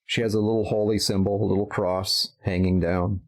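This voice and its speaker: A man narrating a tabletop role-playing game as game master, in a slow, measured way with small hesitations. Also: fairly low pitch, flat delivery.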